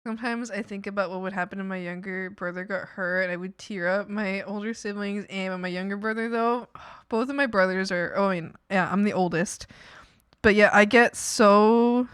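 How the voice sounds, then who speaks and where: A young woman streamer chatting loosely while she draws. She is giggly and emotional, laughs a lot, and breaks off to restart her sentences. Her voice sits at an everyday middle pitch and is recorded dry and close, with no room sound. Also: fairly even intonation, moderate pace, clean tone, no room sound. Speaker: art streamer. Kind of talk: casual livestream chat while drawing.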